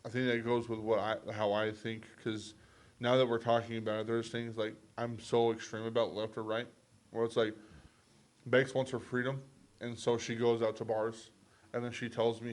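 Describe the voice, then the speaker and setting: A man's voice: medium pitch, level tone, normal speed. A man hosting a podcast in casual, rambling chat, playful and profane. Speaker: podcast host.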